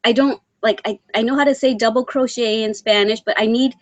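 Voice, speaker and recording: A middle-aged woman from Texas hosting a casual live crochet stream, chatting and reading comments aloud, with frequent ums and throat clearing. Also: a little high, steady tone, brisk, no room sound. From San Antonio, Texas. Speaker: crochet channel host reading live chat.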